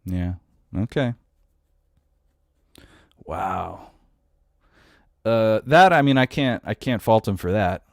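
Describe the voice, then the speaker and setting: A man's voice: on the low side, lively intonation, slow pace, pauses often, no room sound, studio quality. A man in his thirties hosting a podcast, ranting in a casual, exasperated, profane way. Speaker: podcast host.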